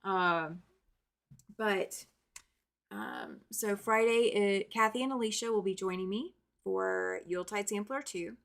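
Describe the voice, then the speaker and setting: A woman's voice: mid-range voice, lively intonation, slow, gravelly. Chatty woman hosting a live stream. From American South. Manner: chatty, greets viewers by name, upbeat. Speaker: quilting livestream host. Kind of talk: casual live-stream chat.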